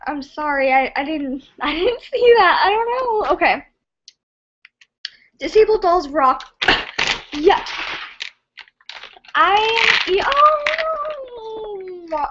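A woman hosting a casual live stream, reading viewer comments in an excitable, scattered and giggly way. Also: very high voice, muffled recording.

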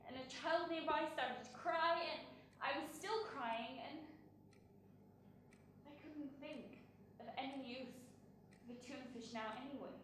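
A woman's voice: high-pitched, a little hiss or hum. An actress playing a frazzled woman venting, in a roomy echo. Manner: halting, uneasy storytelling that swings between quiet and sudden outbursts. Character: frazzled, volatile woman venting to a support group. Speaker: self-help group member. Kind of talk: dramatic stage monologue. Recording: roomy echo, distant microphone.

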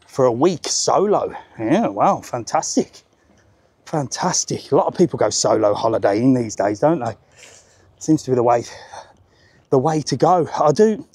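A man's voice: mid-range voice, dark tone, slightly rough, dry recording. A man walking and talking into his phone on a seaside promenade, chatty and cheerful as he live-streams. His voice sits in an ordinary middle register for a man. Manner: chatty and upbeat, chats with passers-by. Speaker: travel vlogger. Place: outdoors on a busy seaside promenade.

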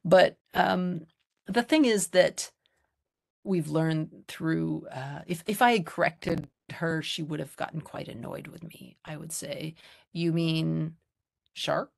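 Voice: mid-range voice, takes it slowly, creaky. A lecturer on child language research giving an informal public talk over a video call, explaining in a conversational, reassuring way.

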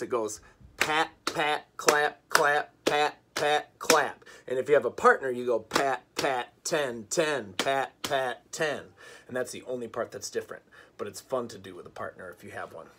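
A man teaching an online music lesson for children, patient and clear, leading rhythm chants and songs. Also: medium pitch, a bit bright, slight background noise. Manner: slow, patient, sings and chants rhythm games.

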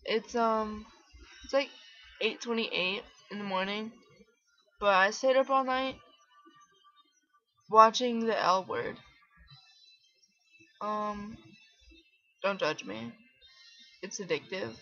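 A woman's voice: medium pitch, slow, long pauses, a bit bright, no room sound. A young woman chatting casually on a home vlog, sleepy and rambling with lots of fillers. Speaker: vlogger. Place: bedroom at home. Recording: dull lo-fi webcam audio.

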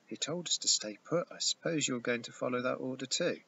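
A man voicing a sharp-tongued, sarcastic young girl who teases her brother, on a dull recording with hiss. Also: mid-range voice, a little fast, gravelly, pitched above the performer's own voice. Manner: sarcastic, teasing.

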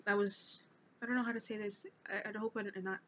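An eighteen-year-old woman vlogging about her own life, speaking earnestly and haltingly as she reads from notes. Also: mid-range voice, little pitch movement, a bit bright, slight background noise. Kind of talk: personal confessional vlog. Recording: dull lo-fi recording.

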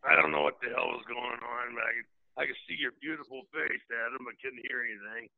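A man calling into a podcast by phone, speaking gruffly. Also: mid-range voice, quick pace, no echo. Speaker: phone-in guest. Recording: lo-fi dry phone line.

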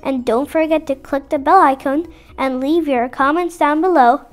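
High-voiced woman telling a bedtime story. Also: moderate pace, soft background music.

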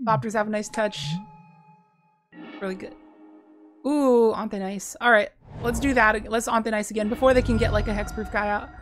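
A fairly high-voiced woman gives play-by-play on her own card game from a home desk microphone. She chats and thinks aloud, then breaks into sudden excited bursts. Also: normal speed, long pauses, soft background music. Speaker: gameplay streamer. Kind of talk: casual play-by-play commentary.

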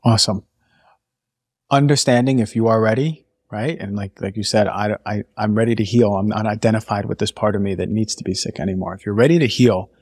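Husky guy doctor on a podcast, super passionate, talks out the inner voice. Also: fairly low pitch, a little mellow, no echo, studio quality. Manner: impassioned, voices inner thoughts aloud. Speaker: naturopathic doctor, podcast guest. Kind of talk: conversational podcast interview.

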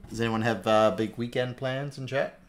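Man, host, casual chat, laid-back, swears casually, middle-pitched voice. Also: fairly even intonation, normal speed.

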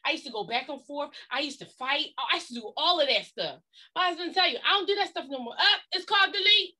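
A woman's voice: sits high, expressive, quick pace, bright, forceful tone. A woman co-pastor giving a preaching-style talk on a livestream, emphatic, folksy and blunt, leaning on repeated catchphrases.

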